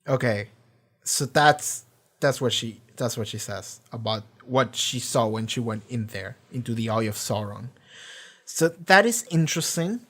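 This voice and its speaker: A man talking through a show episode in loose, unscripted chat, at a middle pitch for a man. He rambles, swears freely and fills gaps with ums and likes, growing keen when a favourite character comes up. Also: expressive, unhurried, fairly bright tone, slightly rough. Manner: rambling, profane, enthusiastic retelling with many fillers. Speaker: reaction channel host. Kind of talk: casual episode recap and discussion.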